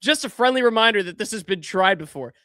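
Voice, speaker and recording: A man's voice: high voice, expressive, fast talker, sharp tone, dry recording, clean studio sound. A man putting on a Russian accent to voice a smug, mocking Russian official. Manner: mocking put-on accent, breaking into laughter.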